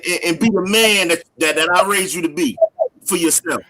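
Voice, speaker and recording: A man's voice: high voice, brisk, gravelly, bright, forceful tone, rough recording. A middle-aged man, a minister, talking earnestly in a casual panel discussion, often repeating words as he builds a point. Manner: earnest, repeats words when fired up, preacherly.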